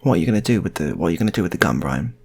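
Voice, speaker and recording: A man's voice: low voice, very animated, racing, vocal fry, darkish tone, breathy edge, pitched below the performer's own voice, exaggerated voice. A man voicing a nervous man who keeps repeating his question to a friend. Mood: uneasy. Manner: repeats himself, hesitant.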